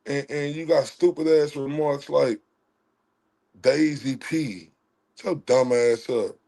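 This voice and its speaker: A man hosting a livestream, ranting in a heated, profane way and swinging between loud outrage and quiet apologies. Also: mid-range voice, steady tone, slow, creaky. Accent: Southern US. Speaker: livestream host.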